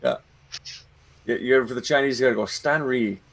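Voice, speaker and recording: A man's voice: mid-range voice, sing-song, brisk, a bit bright. A man joining a casual livestream chat, joking a lot and slipping into mocking voices. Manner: jokey, breaks into laughter and mock voices. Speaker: guest.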